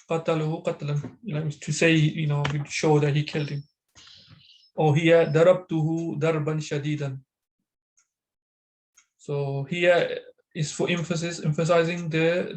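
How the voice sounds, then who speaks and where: A man with a slightly raised pitch explains grammar in an online class. He speaks haltingly, often pausing on fillers and restarting words. The sound is that of a video call. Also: darkish tone, rough recording. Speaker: Arabic teacher.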